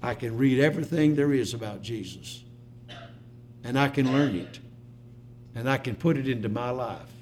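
A man preaching a sermon, telling a story and swinging from loud bursts to hushed, slow lines. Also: mid-range voice.

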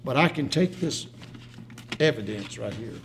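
A man preaching a sermon, telling a story and swinging from loud bursts to hushed, slow lines. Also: mid-range voice, expressive, background noise.

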